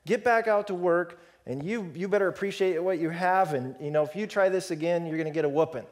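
A preacher acting out an excited old father who orders his servants to prepare a feast. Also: high voice, brisk, voice pushed up, natural voice. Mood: scolding. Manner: loud, excited, commanding. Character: overjoyed generous old father calling servants.

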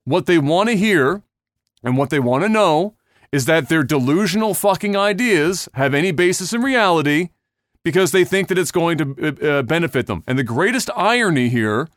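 A man's voice: a little high, expressive, normal speed, no echo, studio quality. A man hosting a casual podcast, ranting bluntly and heatedly with lots of swearing. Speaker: podcast host.

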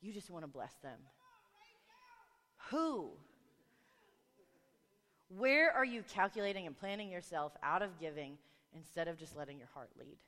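A woman preaching a sermon, telling a family story with animated voices for the people in it. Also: fairly low pitch, a little slow, pauses often. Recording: long reverb of a large hall.

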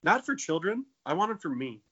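Bright-voiced man in his twenties, joking. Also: sits high, very animated, brisk, husky, lo-fi sound. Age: 20s. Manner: jokey, profane, playful. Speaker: podcast co-host. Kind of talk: casual comedic chat.

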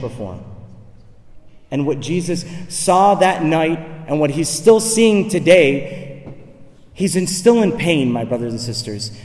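A man's voice: on the high side, darkish tone. A male priest preaching a sermon with impassioned, repeated rhetorical questions, recorded from far off in a church. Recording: echoey church hall from far off.

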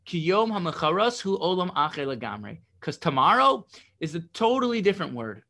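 A man's voice: a little high, fairly bright tone. A man teaching a religious text lesson, reading passages and translating them, explaining with rhetorical questions and a frequent "right?".

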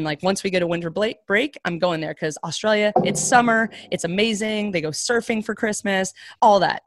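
Young woman with a low voice, storytelling casually. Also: no echo, studio quality. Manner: casual, heavy on "like" fillers, animated quoted voices. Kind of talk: personal storytelling in conversation.

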